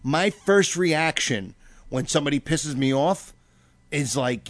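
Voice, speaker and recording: A man in casual chat, telling stories with lots of swearing and acting out his own shouting. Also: a little high, unhurried, dry recording, studio quality. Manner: profane, animated, acts out his own yelling.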